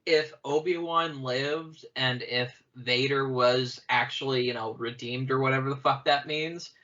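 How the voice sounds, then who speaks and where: A man's voice: mid-range voice, fairly even intonation, a little slow, sharp tone. A man co-hosting a podcast, riffing casually and rambling, with frequent swearing. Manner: rambling, swearing, fond of silly voices. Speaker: podcast co-host. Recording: dull lo-fi sound.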